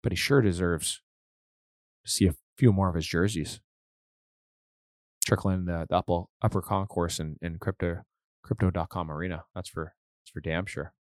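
A man hosts a casual hockey podcast in a low-pitched, steady voice at a normal speed with long pauses, recorded at studio quality with no room sound. An enthusiastic fan, he rambles and restarts his sentences.

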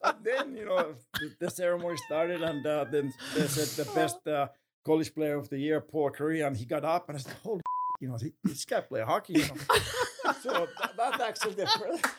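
A man guest chatting casually in an interview, halting and playful, laughing as he talks. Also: on the high side, expressive, noisy background. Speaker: former player, guest.

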